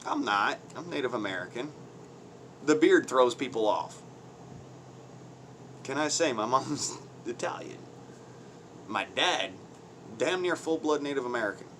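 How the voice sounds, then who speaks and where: A man's voice: mid-range voice, animated, normal speed, long pauses, fairly bright tone, a little hiss or hum. A man ranting on his own channel in blunt, crude, mocking commentary, swearing heavily, using folksy slang and laughing between points. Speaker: vlogger.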